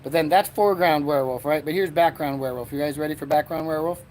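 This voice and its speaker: Fairly high-pitched and a little mellow, this fast-talking man from Erie, Pennsylvania, USA, hosts a rambling solo comedy podcast. He meanders and mocks himself while sitting outdoors on a porch, where faint ambience adds slight background noise.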